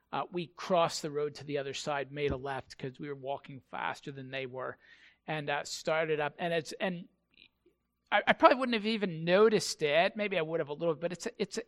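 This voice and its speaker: Male pastor preaching, halting and repetitive, bright tone, slightly high voice. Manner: halting storytelling, repeats words. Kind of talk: sermon.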